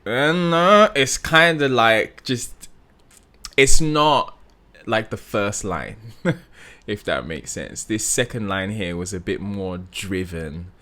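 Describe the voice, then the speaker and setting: Low-voiced guy coaching on vocals, slow and chill but his pitch moves around a lot, lots of "like". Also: expressive, sharp tone. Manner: analytical, with many "like" fillers, sings snippets to demonstrate. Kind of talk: reaction commentary.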